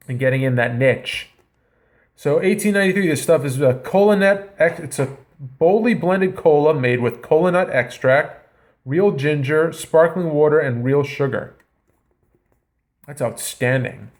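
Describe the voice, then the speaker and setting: A man's voice: mid-range voice, darkish tone. A man giving casual reaction commentary on his comedy vlog, rambling and enthusiastic with lots of fillers. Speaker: comedy vlogger reviewing news.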